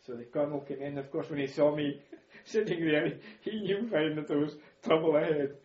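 An older man tells war stories in an interview, reminiscing, chuckling now and then and repeating words as he recalls events. His voice is a little high, fairly even in intonation and moderately paced, recorded in an echoey room with slightly dull audio.

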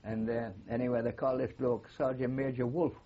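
A veteran from Geordie country, older and medium-pitched, speaks a little fast with flat delivery and some breathiness. In this oral history interview he tells meandering anecdotes with plenty of fillers, and the recording is muffled.

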